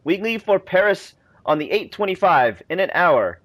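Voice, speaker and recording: A man voicing a calm, brisk English gentleman adventurer, reading his lines crisply from a video game. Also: high-pitched, highs cut off, pitched above the performer's own voice. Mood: calm commanding.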